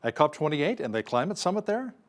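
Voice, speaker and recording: A man's voice: fairly high pitch, sing-song, brisk. A man hosting a news interview in a wry, conversational way. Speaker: news anchor.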